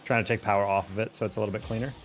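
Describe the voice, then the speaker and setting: A man's voice: lowish voice, very fast, soft background music. A young American man chatting casually while playing, reacting to plays and answering viewers. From United States. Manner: relaxed, reacts aloud to plays, chats with viewers. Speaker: streamer and game analyst.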